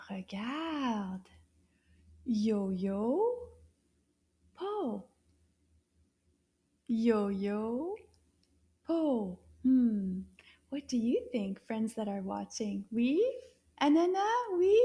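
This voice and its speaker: A young woman teaching a children's language lesson, in a sing-song, encouraging manner with hushed asides. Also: sits high. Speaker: French teacher.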